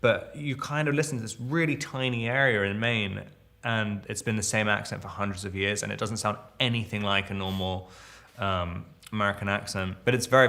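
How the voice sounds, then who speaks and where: A man's voice: on the low side, creaky, pushed and bright. A man being interviewed about his acting roles, rambling and amused at himself, restarting his sentences often.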